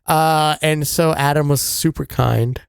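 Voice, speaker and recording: Joking young man with a smooth voice. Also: fairly high pitch, steady tone, a little slow, no room sound, studio quality. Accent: East Coast American. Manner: loose and joking, heavy on fillers. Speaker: podcast co-host. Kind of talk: casual chat.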